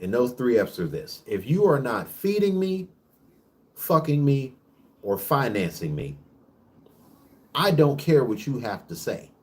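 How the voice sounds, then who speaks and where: A man delivering a casual on-camera rant, preachy and full of profanity. He talks in emphatic bursts, often restarting his sentences mid-thought. His voice sits at a middling pitch. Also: very animated, darkish tone. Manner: rapid bursts with frequent restarts. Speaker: vlog host.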